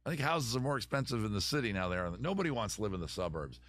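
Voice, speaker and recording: Very animated and very fast, a comedy podcast host with a fairly low, slightly bright voice riffs through his advice show, captured in a dry recording at his home in a city. Weekend shows have worn his voice a bit; he digresses, ribs himself, and slips into a fake Southern lawyer voice.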